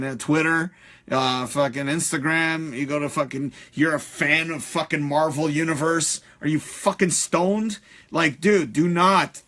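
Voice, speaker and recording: Man, fairly high voice, profane live-stream rant, loose and animated. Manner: profane, animated ranting with frequent fillers. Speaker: host.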